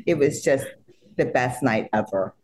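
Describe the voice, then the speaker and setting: A woman, a soap opera actress and guest, retelling stories in a casual interview. She talks animatedly and laughs a lot. She acts out her own excited reactions in quotes. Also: a bass voice, moderate pace, slight background noise. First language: not English.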